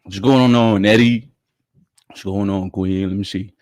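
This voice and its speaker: A man's voice: lowish voice, steady tone, measured pace, a little mellow, no echo, clean studio sound. A man hosting a casual live commentary show with a stuffy nose and a catching throat, calling out chat viewers by name in slangy talk. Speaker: livestream show host.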